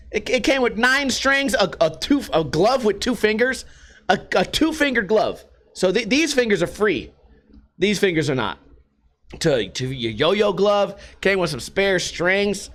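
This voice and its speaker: Casting: male podcast host, high voice, lively swoops, profane mocking rant. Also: normal speed. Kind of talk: casual rant. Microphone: podcast microphone.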